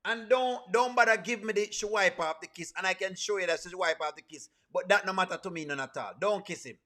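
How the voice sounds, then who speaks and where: A man with a Jamaican accent talks through a live reaction stream in a high voice. His tone is bright and ringing, and he is animated, slipping in and out of patois. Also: a little fast. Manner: animated, mixes patois with standard English.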